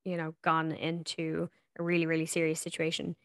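A woman's voice: sits low, completely flat delivery, a little fast, clear, resonant tone, no echo, studio quality. A woman co-hosting a podcast, asking supportive questions in a casual way and swearing now and then, over a remote call. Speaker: podcast co-host. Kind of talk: casual chat. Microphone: remote call recording.

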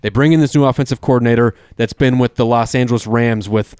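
A man's voice: mid-range voice, fairly even intonation, fast, a little mellow, clean tone, no echo, clean studio sound. A man co-hosting a casual sports talk show, eager and tripping over terms as he explains. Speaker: co-host.

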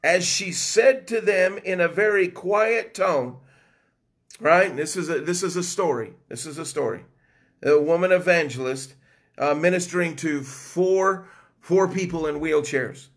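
A man's voice: a little high, measured pace. A man preaching a fervent Pentecostal sermon, breaking into cries of "whoo" and "come on" and bursts of speaking in tongues.

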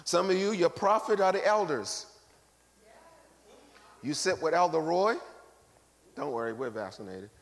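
Lively bishop preaching, fairly high voice, booming then hushed, long church reverb. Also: male voice, unhurried, pauses often. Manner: animated, acts out quoted people, swings from loud to quiet. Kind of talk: sermon. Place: large church sanctuary. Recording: long reverb of a large hall.

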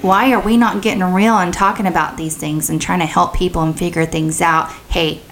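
A woman's voice: fairly low pitch, fairly even intonation, moderate pace, creaky, fairly bright tone, slight background noise. A woman co-hosting a casual faith talk, speaking passionately and asking pointed questions. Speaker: co-host.

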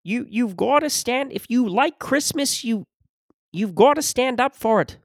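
A man doing an impression of a stern older lecturer, preaching with slow, drawn-out emphasis. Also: very high voice, expressive, dry recording, studio quality, voice pushed up, exaggerated voice. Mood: lecturing.

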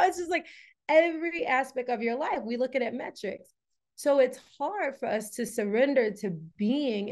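A woman in her thirties, a wellness coach guest on a podcast, telling personal stories in a candid, animated way, laughing often and acting out the voices of others. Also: fairly high pitch. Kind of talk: candid conversational storytelling.

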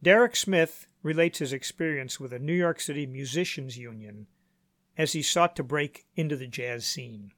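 A man hosting a podcast, reading a scripted narration in a measured, announcer-like way. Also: mid-range voice, a bit bright, no room sound. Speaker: podcast host. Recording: dry voice-over with faint music.

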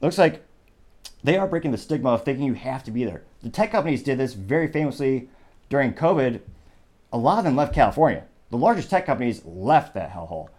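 A man's voice: mid-range voice, expressive, fairly quick, darkish tone. A man hosting a solo political commentary show, talking conversationally with sarcastic asides and frequent digressions. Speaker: host.

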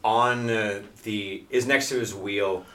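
A man's voice: fairly low pitch, fairly even intonation, slow pace, a bit bright. A man narrating as game master of a casual tabletop role-playing game, chatty with frequent fillers.

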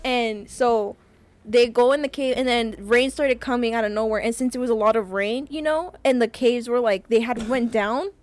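A woman co-hosting a casual podcast tells a rambling story, heavy on "like" and full of restarts. Her voice is fairly high, at a moderate pace, with no echo.

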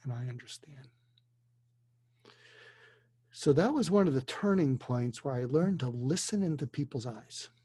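An older man, a psychiatrist, telling a story earnestly and deliberately, dropping to a hush for emotional moments. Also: on the high side, expressive, slightly rough, no echo. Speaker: guest, psychiatrist. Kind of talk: storytelling in a conversation. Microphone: video call.

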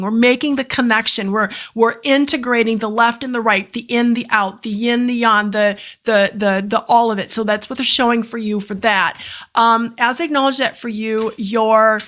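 A woman hosting a live stream, reading oracle cards and doing channeled healings, talking fast and effusively with rambling asides and exclamations. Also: a little high, fairly bright tone. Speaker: oracle card reader and energy healer. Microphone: live stream setup.

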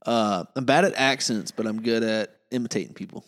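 A man's voice: fairly low pitch, a little fast, long reverb tail. A man co-hosting a podcast in casual chat, playful and often unsure of himself. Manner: playful, unsure, lively intonation. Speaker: podcast co-host.

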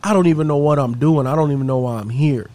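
A man voicing an anxious, doubtful mother, speaking low and subdued. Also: fast, darkish tone, no room sound, lightly acted. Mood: worried.

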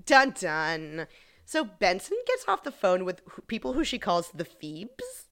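Low-voiced woman recapping a show. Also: wildly swooping pitch, unhurried, fairly bright tone. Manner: wry, laughing, acts out quotes. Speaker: podcast co-host. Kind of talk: casual recap chat.

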